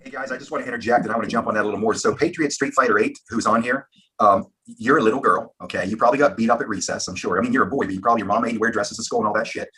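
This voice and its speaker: A man's voice: on the low side, very fast, sharp tone, slightly rough. A man hosting a live-stream round table, talking in a brash, rambling, fired-up way. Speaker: live show host.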